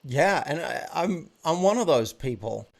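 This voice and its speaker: A man talking as a podcast guest and coach in a relaxed, animated way, often stopping and restarting his words. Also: fairly high pitch, measured pace, creaky. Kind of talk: casual interview chat.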